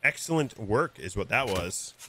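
A man streaming a pirate game, talking in melodramatic in-character banter and shouting in mock outrage. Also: lowish voice, very animated, moderate pace.

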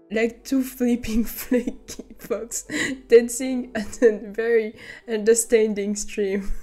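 A woman's voice: on the high side, darkish tone. A young woman with a French accent who is not a native English speaker, reading a story aloud on stream and breaking into giggly, amused asides.

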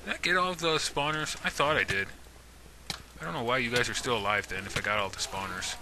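A man's voice: medium pitch, fast, background noise. A man giving casual let's-play commentary, talking to game mobs in a jokey, mock-menacing way. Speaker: gaming YouTuber.

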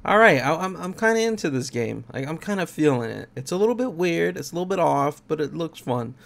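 A man's voice: a little high, sing-song, a little fast, creaky, a bit bright. A man commenting on a game he plays, reading its dialogue aloud and joking about it. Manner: reads dialogue aloud in plain voices, jokey asides. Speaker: let's play gamer.

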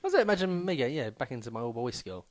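Low-key man, self-mocking. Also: very animated, racing, no echo. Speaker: comedian co-host. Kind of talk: casual comedy podcast chat.

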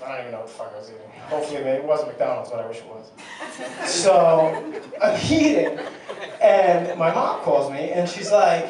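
A man's voice: sits high, lively intonation, a little fast. A young man doing a stand-up set in a comedy club, telling a crude, rambling, self-deprecating story. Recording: distant, very echoey club recording with loud crowd.

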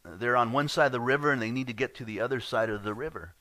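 A man's voice: mid-range voice, quick pace, pushed and bright, no room sound. Earnest, conversational male pastor. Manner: earnest, conversational, repeats words. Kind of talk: sermon.

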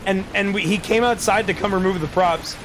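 A man's voice: high voice, brisk, noisy background. A young man casually commenting on his game stream. He rambles, swears freely and yelps in surprise at what happens on screen. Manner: excitable, rambling and profane; exclaims loudly at game events.

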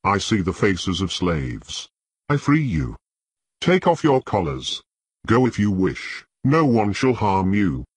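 A man's voice: sits low, very animated, slow pace, breathy edge, dry recording, heavily acted. Dany, a man voicing a resolute young queen. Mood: solemn.

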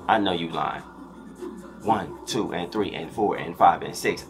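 Hyped man counting beats aloud, low voice. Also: lively intonation, measured pace, over loud music. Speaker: dance teacher reacting to choreography. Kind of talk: excited reaction commentary.

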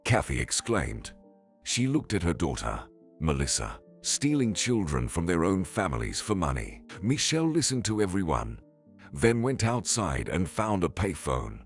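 A man narrating a dramatic story in a scripted, expressive way. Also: deep voice, moderate pace. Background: faint music.

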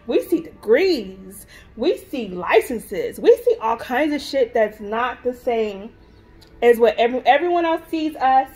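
A woman in her thirties talks to her viewers in a casual, heartfelt vlog, her voice sitting a little high. She repeats herself for emphasis and speaks bluntly, with swearing. Faint music plays underneath. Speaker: vlogger, mother.

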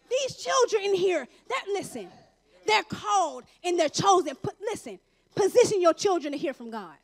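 A woman giving a fervent sermon testimony in a church, emphatic and exhorting, breaking into shouts of praise. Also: very high voice, sing-song, normal speed, gravelly. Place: church sanctuary.

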